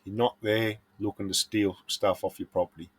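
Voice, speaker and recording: Australian man, middle-aged, lowish voice, earnest and blunt, casual advice monologue. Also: fairly even intonation, moderate pace. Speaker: prospecting vlogger.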